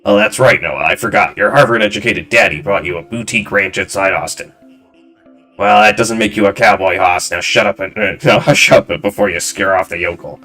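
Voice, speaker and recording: A man voicing a loud, arrogant male film director who shouts and talks down to people. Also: on the low side, a little fast, soft background music. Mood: brash, condescending. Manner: shouting, condescending, brash.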